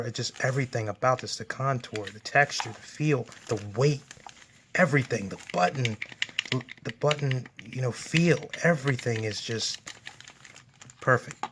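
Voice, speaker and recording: Hosting a gaming channel from home, a man gives casual unboxing commentary, enthusiastic and gushing. His voice is mid-range with a fairly bright tone, and there's slight background noise.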